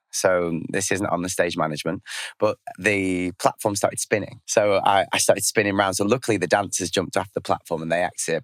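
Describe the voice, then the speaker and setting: Deep-voiced young man telling stories. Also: dry recording, clean studio sound. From England (Blackpool). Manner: lively storyteller, laughs often. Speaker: guest actor. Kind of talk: casual interview chat.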